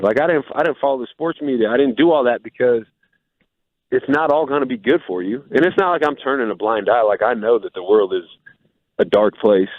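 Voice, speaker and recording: A man's voice: medium pitch, dry recording. A man, a former pro football player, calling in as a guest on a radio show, talking in a laid-back, upbeat way with a lot of "like" in it. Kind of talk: casual radio interview. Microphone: phone call-in. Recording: dry, tinny phone line.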